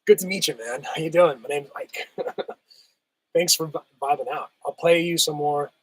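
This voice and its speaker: A man hosting a casual livestream, reading chat and answering viewers, his voice still rough as he recovers from a cold. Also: fairly high pitch, moderate pace, low-quality recording. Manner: laid-back, chatty, laughs often, says "hell yeah".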